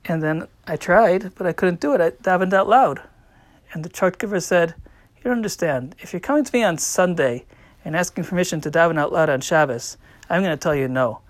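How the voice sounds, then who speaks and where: A man's voice: high voice, lively intonation, a little fast, no room sound. Man giving a dry, close Torah talk. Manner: storytelling, acts out quotes with rising and falling volume. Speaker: rabbi teaching.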